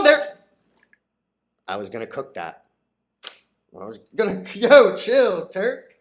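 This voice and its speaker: Brief: male stock vlogger, a touch high in pitch, loose and crude, rambles and gets flustered easily. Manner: crude, rambling, heavy on "like" fillers, laughs at own jokes. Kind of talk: casual off-the-cuff rant.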